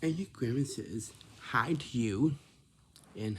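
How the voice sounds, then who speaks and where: A man telling a rambling casual story, repeating himself and dropping into soft whispers. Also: mid-range voice, animated, slow, slight background noise. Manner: repetitive, restarts phrases, drops into soft whispers.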